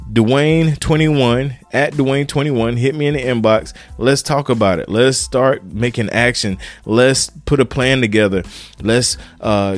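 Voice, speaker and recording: A man's voice: medium pitch, no room sound. A middle-aged man hosting his own podcast, talking in a fired-up, preachy way and calling his listeners "man" and "y'all". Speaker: podcast host. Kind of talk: casual motivational podcast monologue.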